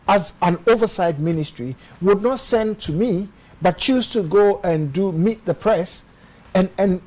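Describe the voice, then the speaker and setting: A man's voice: high voice, dark tone, rough recording. A man with a Ghanaian English accent hosting a studio interview, probing and cutting in with questions. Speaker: show host.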